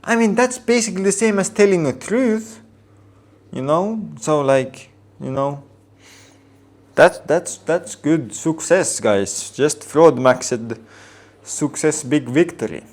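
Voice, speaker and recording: A man with a fairly high voice rants to camera in a comic vlog. He takes his time over every line and stretches out his words. He swears constantly and plays up fake outrage and smug irony. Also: expressive, takes it slowly. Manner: mock-outraged, profane, over-the-top ironic delivery. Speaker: vlogger. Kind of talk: comedic rant to camera.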